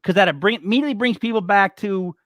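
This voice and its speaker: A man's voice: high voice, fast, a bit bright, dry recording. A man co-hosting a casual live-streamed wrestling chat, ranting with strong opinions. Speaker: wrestling podcast co-host.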